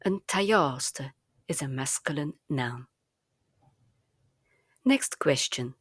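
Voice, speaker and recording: A woman with a low, steady voice explains a language lesson at an unhurried pace, pronouncing each word with care. The sound is close and dry, with no room around it. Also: no room sound. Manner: slow, careful, clearly enunciated teaching delivery. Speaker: language teacher. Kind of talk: scripted language lesson narration.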